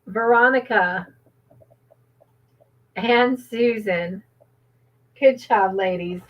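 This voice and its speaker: A woman's voice: medium pitch, extremely slow, lo-fi sound. A woman hosting a livestream trivia game, cheerfully reading out viewers' comments and laughing often.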